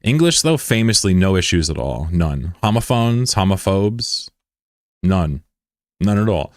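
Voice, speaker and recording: Deep-voiced sarcastic young man streaming. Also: sing-song, measured pace, no room sound, studio quality. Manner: joking, sarcastic, rambling. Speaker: game streamer. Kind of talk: casual livestream chat.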